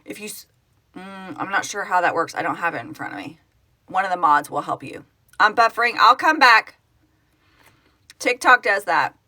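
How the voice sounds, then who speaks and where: A middle-aged Oklahoma woman, the founder of a project, hosts a casual live stream from home on her phone and reads out viewer comments as they arrive. Her bright, clear voice sits at medium pitch with a sing-song lilt and normal speed, broken by long pauses, as she rambles and corrects herself in a relaxed, chatty manner.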